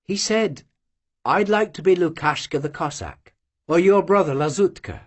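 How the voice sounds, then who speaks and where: An audiobook reader voicing a proud, serious young Cossack woman who answers quietly and firmly. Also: medium pitch, normal speed, husky, natural voice. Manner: quiet, firm, curt replies. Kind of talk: audiobook character voice.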